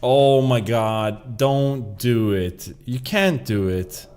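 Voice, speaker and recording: A man's voice: mid-range voice, lively intonation, very slow, darkish tone, clear, resonant tone. A man streaming a video game, chatting casually and laughing at himself. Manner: rambling, laughing, self-mocking. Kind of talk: casual gaming commentary.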